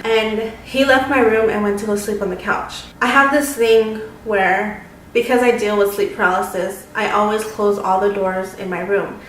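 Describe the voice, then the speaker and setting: A woman's voice: medium pitch, fairly even intonation, normal speed. A young adult woman vlogger telling a story casually and dramatically, with lots of fillers. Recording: roomy, distant mic, faint noise.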